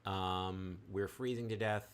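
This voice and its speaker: A man's voice: sits low, steady tone, measured pace, slight background noise. A man playing through a text adventure game, chatting casually and reading the game text aloud with voices. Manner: chatty, laughs easily, reads the text with voices. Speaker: game streamer.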